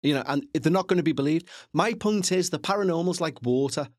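A man's voice: fairly high pitch, fairly quick, no room sound, studio quality. A man hosting a podcast, chatting casually and rambling through asides, with the odd swear. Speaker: podcast host. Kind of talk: casual chat to listeners.

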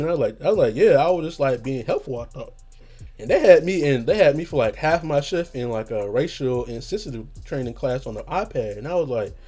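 Hoarse man rambling through a story. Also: mid-range voice, warm tone. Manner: rambling, laughing, peppers talk with "you know what I'm saying". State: hoarse, just woke up. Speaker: podcast host. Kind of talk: casual storytelling monologue.

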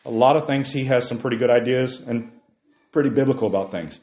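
A man leading a Bible study in a fiery preaching style, emphatic, firing off rhetorical questions and leaping to near-shouts. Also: medium pitch, a little fast. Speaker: Bible teacher. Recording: roomy, dull lo-fi sound.

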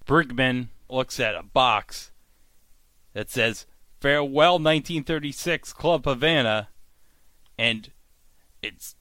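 A man casually recapping a TV episode for his podcast. He talks slowly with a bright, forward tone and keeps jumping into the characters' lines. The sound is close and dry. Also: mid-range voice, no room sound. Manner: animated retelling, acting out lines in quick bursts. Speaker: podcast host.

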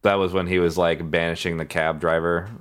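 A man co-hosting a podcast, chatting casually about a film, halting and restarting often as he talks. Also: deep voice, little pitch movement, clear, resonant tone. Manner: halting, with frequent restarts and fillers. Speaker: podcast co-host.

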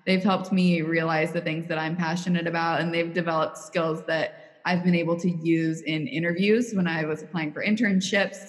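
Young woman from missouri, missouri accent, lowish voice, poised and earnest, lots of reverb. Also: steady tone, moderate pace. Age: 20s. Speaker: interview guest, college student. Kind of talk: interview answers.

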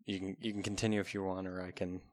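A man's voice: low-pitched, flat delivery, fast talker. A man in casual chat, eagerly cutting in to explain game lore. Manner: eager, interjecting with lore details. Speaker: podcast co-host.

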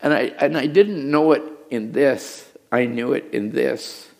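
A middle-aged man preaching a sermon as pastor, telling a story with hushed asides and raised, urgent lines. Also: medium pitch, unhurried, gravelly. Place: church.

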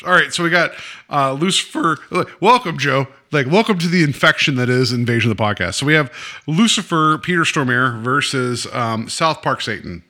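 A man hosting a podcast, telling a story in animated, playful casual chat. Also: medium pitch, fairly quick. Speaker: podcast host.

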